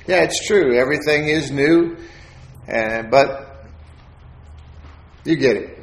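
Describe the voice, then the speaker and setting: A man gives a sermon testimony in a relaxed, folksy storytelling way, switching into the voices of the people he quotes. His voice sits at an ordinary middle pitch. The room around him is echoey. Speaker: preacher sharing testimony.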